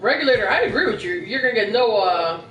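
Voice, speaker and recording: A man's voice: high-pitched, very animated, fast talker, a bit bright, distant mic, a little hiss or hum. Joking man in an echoey room. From US Midwest. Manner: joking, laughing banter. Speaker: podcast co-host. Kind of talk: casual chat. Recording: echoey room from afar, faint music.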